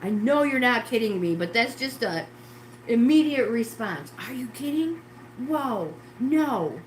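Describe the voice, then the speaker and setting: Cleaning her kitchen on a livestream, a middle-aged woman from New York State chats ramblingly with viewers at normal speed, her slightly high voice lively in intonation. She often exclaims to herself, and the indoor kitchen recording is roomy and echoey with a faint hiss or hum.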